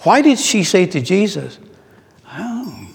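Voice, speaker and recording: A middle-aged man preaching a sermon, slow and reflective, asking his listeners questions. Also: a little high, expressive. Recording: long reverb in a large hall.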